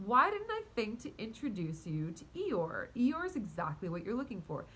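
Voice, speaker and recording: A woman's voice: on the high side, moderate pace, hardly any pauses, husky, poor audio. Chatty woman telling a rambling story. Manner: rambling and animated, many fillers and restarts, with laughs; talks to her cat mid-story. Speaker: vlogger and spiritual coach. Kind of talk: casual storytelling to camera.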